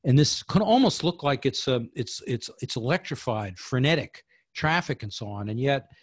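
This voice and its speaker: A man from New York talking as a guest in a poetry discussion over a video call, thoughtful and halting, with many restarts. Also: mid-range voice, animated, breathy edge, no echo. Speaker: guest poet.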